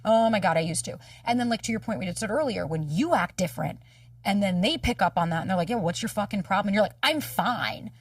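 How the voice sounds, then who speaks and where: Fast-talking, husky-voiced woman coach. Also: medium pitch, no room sound, recorded from a distance. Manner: animated, swears casually, acts out quoted dialogue. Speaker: dating coach and podcast guest. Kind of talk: candid conversational storytelling.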